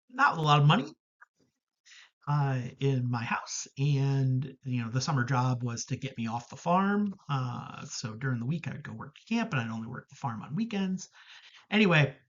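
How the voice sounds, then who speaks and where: A man shares a heartfelt story in a plain, mid-pitched voice, often pausing to correct himself. The sound is slightly muffled and lo-fi, as if coming through a video call. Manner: candid, reflective, with frequent fillers and self-corrections. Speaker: camp professional telling a story. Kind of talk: personal storytelling talk.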